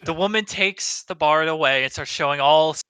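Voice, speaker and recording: A man narrating a tabletop game as game master, descriptive and quick to laugh, recorded over a video call. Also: fairly high pitch, pushed and bright, clear, resonant tone, dry recording.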